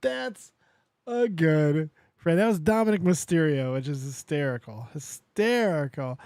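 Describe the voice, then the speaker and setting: Casting: chatty male streamer, high voice, dry close-mic sound. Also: unhurried, clear, resonant tone, dry recording. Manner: chatty, excitable, laughs at clips. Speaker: streamer and podcast host. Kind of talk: casual live-stream commentary.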